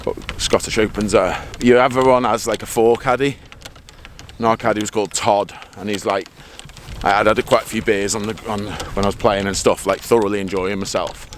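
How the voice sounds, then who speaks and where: A man hosting a golf vlog, chatting and telling stories excitably while playing a round outdoors. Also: lowish voice, fairly quick. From England. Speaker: vlog host, golfer. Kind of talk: casual chat on the course. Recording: faint outdoor noise.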